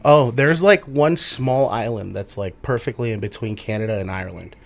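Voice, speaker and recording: A man guesting on a comedy podcast, chatting casually and rambling through jokes, his voice rising when he gets excited. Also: medium pitch, moderate pace, creaky.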